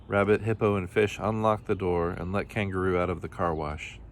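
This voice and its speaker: Male storybook reader, lowish voice, gentle expressive read-aloud. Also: brisk. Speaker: children's book reader.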